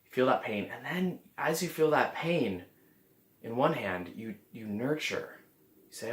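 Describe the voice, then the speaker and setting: A man's voice: mid-range voice, lively intonation, normal speed, a bit bright. A man vlogging in a casual, earnest way, often restarting his sentences as he talks to the camera. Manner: earnest, rambling with frequent restarts. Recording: roomy echo.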